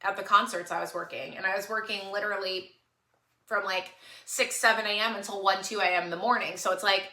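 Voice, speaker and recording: A woman's voice: medium pitch, steady tone, a little fast, bright, forceful tone, echoey room. Earnest tearful woman on a livestream. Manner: earnest, pleading, repeats herself for emphasis. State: tearful, on the verge of crying. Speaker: online shop owner on a livestream. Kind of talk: emotional livestream monologue to followers.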